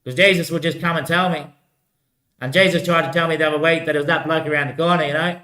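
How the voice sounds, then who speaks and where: Bright-voiced man rambling in an echoey room. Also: a little high, steady tone, fast. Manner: repetitive, keeps saying "mate" and "bloody hell"; loose, drifting talk with frequent laughs. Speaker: vlogger. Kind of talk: rambling solo monologue.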